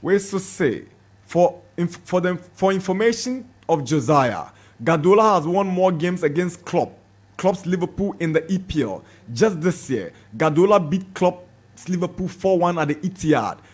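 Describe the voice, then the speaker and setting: A man with a Ghanaian English accent, hosting a sports radio show, reads out listener messages and adds quick comments. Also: sits high, lively intonation. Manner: brisk, chatty, comments between messages. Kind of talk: reading listener messages on air.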